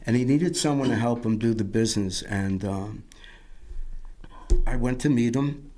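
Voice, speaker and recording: A man's voice: mid-range voice, normal speed, dark tone. Man telling his life story. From Yonkers, New York. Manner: rambling, repeats words, acts out others' lines. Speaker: interview guest. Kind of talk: storytelling interview.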